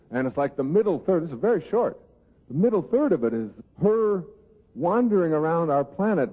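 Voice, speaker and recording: A man giving a humorous self-help talk to an audience, telling stories and acting out the people in them. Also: high-pitched. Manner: storytelling, acts out quoted voices. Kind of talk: humorous lecture to a live audience. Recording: tinny phone-like sound in a big hall.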